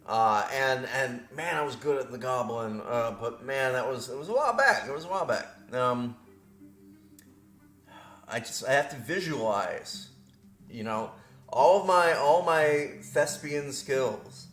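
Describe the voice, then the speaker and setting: A man's voice: mid-range voice, animated, a little slow, a bit bright, roomy sound. A man hosting a let's play, rambling through his moves and griping about the game in a self-deprecating way. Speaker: gaming video host.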